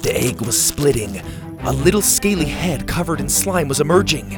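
A man narrating a children's adventure story in an expressive, animated way. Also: on the high side, normal speed, music in the background.

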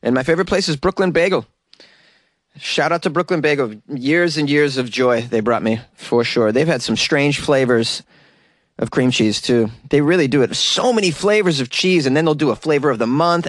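A man's voice: mid-range voice, moderate pace, no room sound, clean studio sound. A man hosting a casual solo podcast, chatty and jokey and rambling, who often laughs at his own jokes. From New York. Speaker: podcast host.

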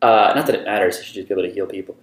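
A man's voice: on the low side, very fast. A man in his thirties, a podcast host, recapping an anime episode in casual chat and acting out the characters' lines. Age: 30s. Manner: animated storytelling, acts out characters' lines. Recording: echoey room.

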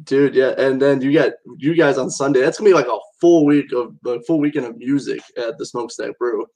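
A man hosting a radio interview show, keeping the talk loose and relaxed and laughing along with his guest. His voice sits at a middle pitch with nothing unusual about it. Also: brisk, rough recording. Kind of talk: casual interview chat.

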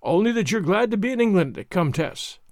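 Guy doing a jolly young posh lord, hearty, lively, dry close sound. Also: high-pitched, a little fast, no echo. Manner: hearty, genteel. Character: hearty young English lord, genial and gallant.

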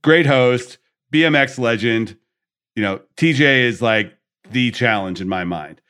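A man's voice: medium pitch, a little slow, clear, resonant tone. A man hosting a podcast, chatting casually and ranting with playful mock outrage. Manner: animated, rants with mock outrage and acted quotes. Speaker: podcast host. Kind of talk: casual chat.

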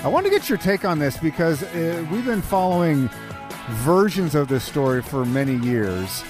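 A man's voice: a little high, big pitch swings, moderate pace, over music. A man co-hosting a casual podcast, talking in an easygoing, joking way with folksy comparisons. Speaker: podcast co-host.

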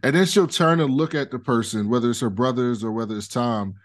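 Guy rambling thru a tv recap, like, fillers everywhere, average pitch. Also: fairly quick. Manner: loose rambling retelling with many fillers. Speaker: podcast co-host. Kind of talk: casual TV recap chat.

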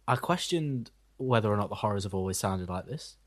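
Wry deadpan young man. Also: lowish voice, fairly quick. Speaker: podcast co-host. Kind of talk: casual music review chat.

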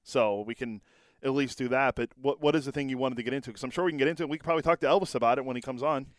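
A man's voice: medium pitch, no room sound. A man co-hosting a sports talk show, bantering casually into a studio microphone. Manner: casual, quick back-and-forth banter. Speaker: sports podcast co-host.

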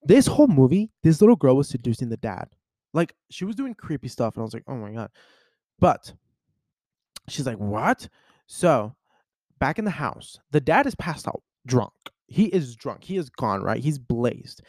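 Animated young man recapping a story. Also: mid-range voice, moderate pace, no echo, clean studio sound. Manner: animated storyteller, acts out voices. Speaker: podcast host. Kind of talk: casual chat.

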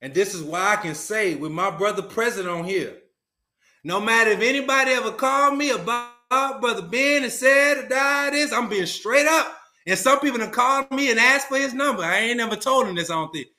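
An earnest man tells a story with colloquial emphasis as a podcast guest. His voice is high and bright. The room around him sounds echoey. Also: brisk. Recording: roomy echo.

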